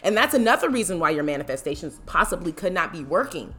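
A woman speaks with a bright, forceful tone, driving home each point in a casual motivational talk about faith. She is emphatic and a little preachy, slipping into playful voices when she quotes people. Soft music plays faintly behind her. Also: on the low side, sing-song, quick pace.

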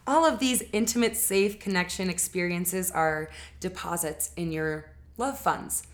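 A woman's voice: lowish voice, unhurried. A woman giving a casual spoken lesson on relationships, talking in an earnest, conversational way with frequent fillers and self-corrections.

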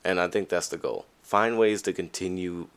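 A man hosting a podcast, talking candidly and casually to listeners, with frequent fillers and restarts, and his voice jumps up high when he stresses a point. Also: moderate pace, clean tone. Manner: lively, pitch jumps high for emphasis. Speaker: podcast host. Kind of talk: casual motivational monologue.

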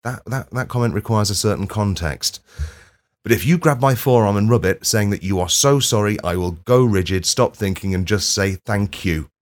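A low-voiced man talks through a comic podcast monologue in a dry, self-deprecating way. He swears freely and breaks into sudden loud outbursts. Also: normal speed. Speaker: podcast host. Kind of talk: comedic monologue.

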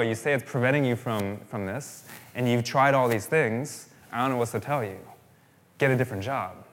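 A man's voice: mid-range voice, normal speed. A male pastor giving a sermon in a conversational way, repeating phrases for emphasis.

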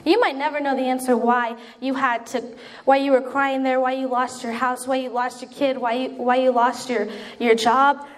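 A woman's voice: sits high, little pitch movement, moderate pace. A young woman preaching a sermon in an earnest, conversational way, acting out prayers as she goes.

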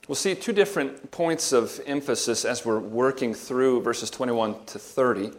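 A man preaching a sermon, reading scripture aloud, then explaining it in a measured, emphatic way with rhetorical questions. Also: medium pitch. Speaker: pastor.

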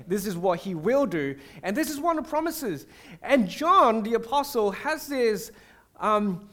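High-voiced man preaching a lively sermon. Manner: animated, acts out prayers and quotes with shifting voice; conversational with fillers and restarts.

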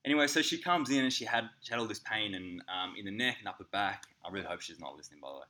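An Australian man, an acupuncturist, telling a funny story in casual podcast chat, animated and laughing as he acts out the people in it. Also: on the low side, racing, a little hiss or hum. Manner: animated, laughing, swearing, acts out voices in anecdotes.

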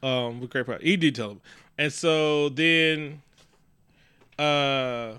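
A man's voice: on the high side, slow pace, sharp tone, clean tone, dry recording. A young man co-hosting a casual movie recap, rambling and profane as he retells the plot. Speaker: podcast co-host.

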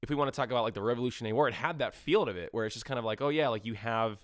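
A man's voice: mid-range voice, very fast, a bit bright, no room sound, studio quality. A man co-hosting a casual movie podcast, talking in a rambling, profane way full of fillers. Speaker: podcast co-host.

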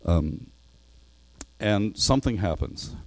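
Dark-voiced man preaching a sermon. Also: fairly low pitch, animated, slow, creaky, dry recording. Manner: earnest, reads a storybook passage aloud with voiced parts.

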